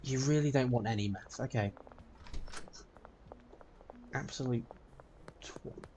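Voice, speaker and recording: A man's voice: mid-range voice, a little slow, darkish tone. A man giving a running let's play commentary and chatting to the characters in the game. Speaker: gameplay streamer. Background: game music.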